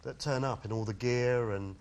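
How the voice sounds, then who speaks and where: An actor playing a cheeky, eager chat show host who asks earnest questions with hesitant restarts. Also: male voice, medium pitch, fairly even intonation, moderate pace, a little mellow, clear, resonant tone, natural voice.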